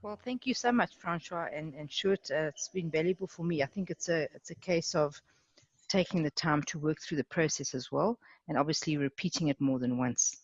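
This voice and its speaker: A webinar attendee who talks softly and thanks the hosts warmly. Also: mid-range voice, moderate pace, no echo, dull audio. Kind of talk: casual call chat.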